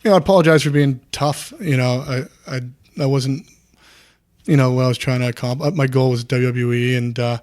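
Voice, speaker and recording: A man's voice: mid-range voice, fairly even intonation, a little fast, a little mellow. A man in his thirties, a former wrestler, talking candidly as a podcast guest in a rambling, earnest way full of restarts. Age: 30s.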